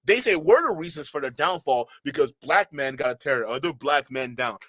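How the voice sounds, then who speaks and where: A man hosting a reaction commentary channel, animated and mocking as he talks to his chat, laughing often. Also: medium pitch, normal speed, dry recording.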